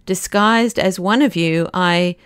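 A woman's voice: lowish voice, slow pace, clear, resonant tone, dry recording, clean studio sound. A woman voicing a stiff, officious male police detective in an audiobook, speaking formally.

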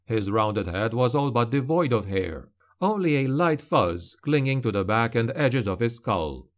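Male narrator, audiobook, very slow, grave, deliberate, mid-range voice. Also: medium pitch, big pitch swings. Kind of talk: scripted narration of a dark fantasy novel.

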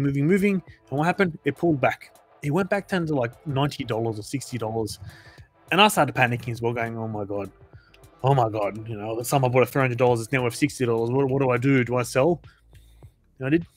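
A man hosting a crypto channel, giving casual, emphatic advice to his viewers and repeating phrases for emphasis. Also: medium pitch.

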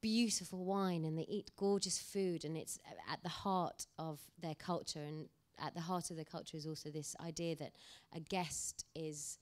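Low-voiced woman telling a lively anecdote. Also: moderate pace, hardly any pauses. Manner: animated anecdotal storytelling. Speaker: actor guest. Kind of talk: onstage panel discussion.

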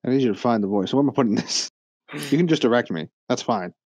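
A man's voice: mid-range voice, quick pace, darkish tone, breathy edge, dry recording. A man playing in a tabletop game, chatting in a blunt, impatient, joking way. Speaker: player. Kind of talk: casual tabletop chat.

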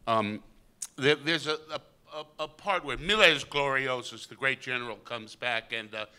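A man's voice: mid-range voice, moderate pace, clean tone. A man, an actor, telling an anecdote on stage, stammering and acting out quoted lines. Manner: stammering storyteller who acts out lines loudly. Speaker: actor guest.

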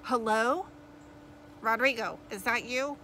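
A woman voicing an angry male bus dispatcher barking loudly over a crackling two-way radio. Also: very high voice, slow pace, full character voice. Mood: demanding. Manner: barking, loud and demanding.

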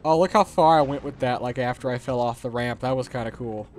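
Brief: male let's play host, jokey sarcastic ramble, mid pitch, faint music. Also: a little fast, a little mellow. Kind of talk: gameplay commentary.

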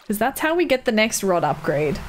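A woman's voice: on the high side, big pitch swings, measured pace, slight background noise. A woman streaming a game, chatting casually with her viewers and laughing often. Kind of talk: casual live-stream chat while gaming.

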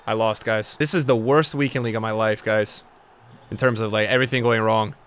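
A young man commentating his own football video game match as a streamer, swinging from low muttering to loud outbursts. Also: steady tone, brisk, smooth. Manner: emotional, swings from muttering to shouting. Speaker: gaming streamer. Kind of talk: live gameplay commentary.

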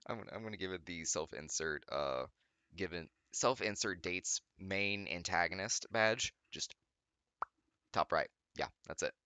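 A young adult man reads fan fiction aloud, stumbling over words and constantly breaking off to mock it with sarcastic remarks and laughter. His deep voice is bright and forceful, a little slow, and recorded with no room sound.

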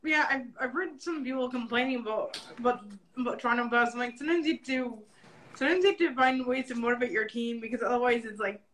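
A woman's voice: a little high, quick pace, a bit bright, poor audio. A woman chatting casually on a live painting stream, rambling, repeating words and often saying like. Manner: rambling, repeats words and restarts, says like a lot. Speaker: participant. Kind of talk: casual chat.

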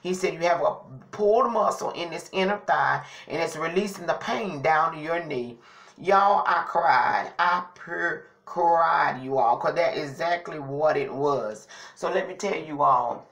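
Woman vlogger, low-pitched, recorded in a roomy echoey space at home, talks in a lively testifying way. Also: normal speed, few pauses. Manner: chatty, testifying, often says "y'all". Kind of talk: casual storytelling to camera.

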